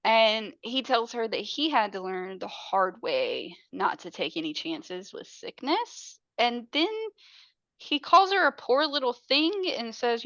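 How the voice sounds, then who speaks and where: Chatty woman retelling a movie, cusses a lot, bright tense voice, dry kinda dull mic. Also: on the high side, big pitch swings, takes it slowly, no room sound. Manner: profane, chatty storytelling. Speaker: podcast co-host. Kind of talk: casual true-crime movie recap.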